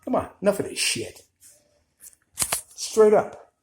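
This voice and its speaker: A man's voice: high voice, slow pace, darkish tone, reverberant, slight background noise, poor audio. A man with a New York Italian accent, ranting to viewers in blunt, scolding commentary. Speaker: video commentator.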